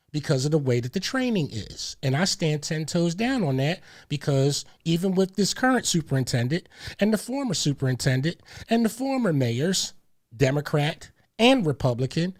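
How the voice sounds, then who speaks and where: Emphatic older man hosting a radio talk show. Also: sits high. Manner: emphatic, insistent, talks over others. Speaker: host.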